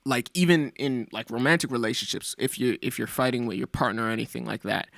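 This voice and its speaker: A man's voice: medium pitch, fast talker, gravelly, a bit bright, no room sound, clean studio sound. A man as a podcast guest, talking in a casual chat, thinking aloud with fillers.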